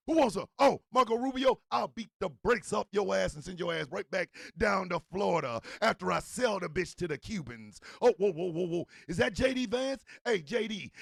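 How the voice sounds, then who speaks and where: A man playing a boastful, trash-talking villain in a shouted wrestling-style promo. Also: high-pitched, creaky, husky, no room sound, voice pushed up, exaggerated voice. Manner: shouted swaggering promo, taunting rivals. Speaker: host.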